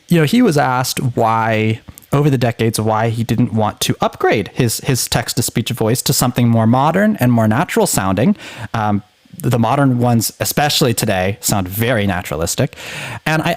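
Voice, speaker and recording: A man's voice: medium pitch, no echo. Male podcast co-host, casual and enthusiastic, dry close sound. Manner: enthusiastic, animated storyteller. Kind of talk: casual chat.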